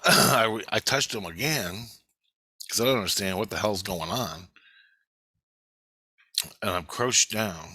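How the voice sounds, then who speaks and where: Male, low bright voice, dry recording; rambling, profane, animated dream storyteller. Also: no room sound. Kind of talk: casual dream retelling.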